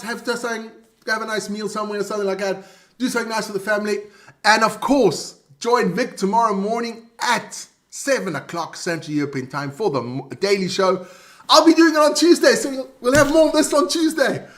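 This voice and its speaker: Man, high-pitched, bright, casual sports stream co-host, chatty asides, tiring voice. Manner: chatty, reads scores off quickly with asides. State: voice wearing out.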